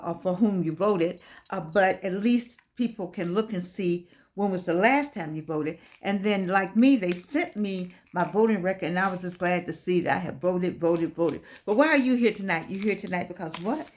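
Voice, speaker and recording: An older woman giving an inspirational talk, telling stories in an animated, preacher-like way and repeating her phrases for effect. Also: on the low side, moderate pace. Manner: animated preacher-like storytelling with repetition. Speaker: host.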